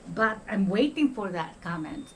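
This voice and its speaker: A woman's voice: medium pitch, animated, moderate pace, slight background noise, rough recording. An older woman from the Philippines with a Filipino accent, talking in a casual vlog monologue and often checking in with "okay?". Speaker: retired nurse vlogger.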